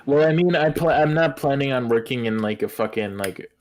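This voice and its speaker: Young male caller, mid pitch, cocky, giggly, repetitive. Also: brisk, a little hiss or hum. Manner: cocky, giggly, repeats himself. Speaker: call-in guest. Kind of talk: casual comedic banter. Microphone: call-in, remote.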